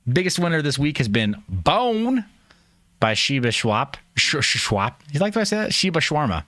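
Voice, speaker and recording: A man's voice: mid-range voice, huge pitch swings, normal speed, fairly bright tone, no echo. A man hosting a livestream, chatting casually in a joking, rambling, self-mocking way. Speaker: livestream host.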